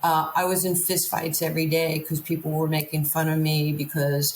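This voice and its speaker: A woman's voice: sits low, level tone, moderate pace, a little hiss or hum. A woman from Queens, New York, a guest telling her life story candidly and acting out the lines people said to her. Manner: vivid storyteller, acts out quoted lines. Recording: roomy echo.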